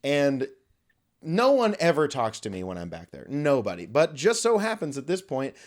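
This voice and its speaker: A man's voice: medium pitch, huge pitch swings, moderate pace. A young man hosting a podcast, telling a story casually and with animation, swearing freely and acting out quoted voices. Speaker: podcast host.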